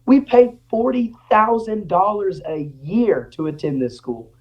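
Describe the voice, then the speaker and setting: A man's voice: sits high, unhurried, muffled recording. A young man, a podcast guest, telling stories in a casual way and acting out the voices of the people he quotes. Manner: animated, acts out quoted voices. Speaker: guest, former ranch student. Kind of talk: casual storytelling.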